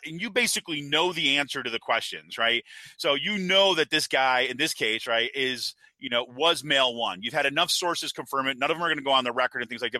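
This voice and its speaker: A man's voice: on the high side, bright, forceful tone, no room sound. A man hosting a casual political chat, rambling and laughing as he talks. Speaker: podcast host.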